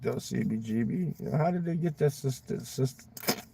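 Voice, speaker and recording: A man's voice: mid-range voice, unhurried, vocal fry, dark tone, husky, no echo. A man livestreaming from inside his car, chatting loosely with viewers, rambling and swearing, ending lines with "man". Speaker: livestream host. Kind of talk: casual chat with viewers.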